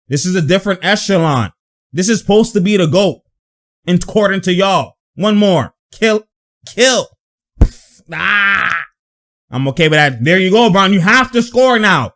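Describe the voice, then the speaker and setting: Brief: young male host, excitable reaction commentary, slangy, laughs a lot, somewhat high voice. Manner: animated, laughing, repeats phrases, slangy. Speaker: sports commentator.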